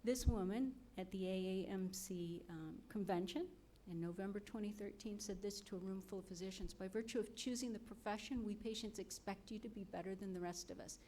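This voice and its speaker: Woman speaker at a ceremony, warm mellow tone, earnest and motivating, quizzes the crowd, bit of hiss. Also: mid-range voice, a little fast, few pauses. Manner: earnest, motivational, addresses audience with questions. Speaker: medical school faculty speaker. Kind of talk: ceremony speech.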